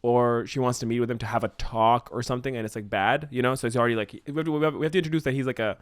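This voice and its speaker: A man's voice: mid-range voice, steady tone, dry recording. A man co-hosting a podcast, brainstorming a story in a rambling, casual way with many fillers. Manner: fast, rambling, lots of "like". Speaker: podcast co-host.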